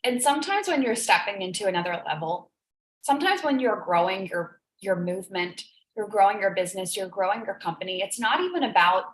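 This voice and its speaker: A woman hosting a live business coaching stream, talking earnestly and emotionally, repeating phrases for emphasis. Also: mid-range voice. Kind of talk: live-stream motivational talk. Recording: echoey room.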